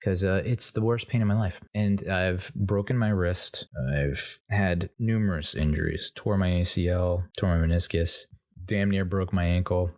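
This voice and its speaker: A man telling a comedic story in a casual, animated way, swearing freely and acting out the voices of other people. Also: low-pitched, normal speed. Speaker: comedy podcast host.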